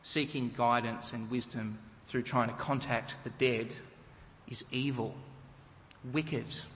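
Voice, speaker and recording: A man's voice: medium pitch, steady tone, slow, a bit bright, big-room sound, a little hiss or hum. A man preaching a sermon, emphatic and full of rhetorical questions to the congregation.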